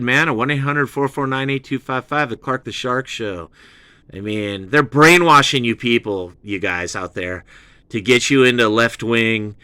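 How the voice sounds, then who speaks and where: A man ranting through an album review as host, swinging between excited praise and crude swearing at a mid pitch. His voice sounds dry and close, with no room echo. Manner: profane, excitable, drops into British slang. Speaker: host of a music commentary show. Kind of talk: rambling album review rant.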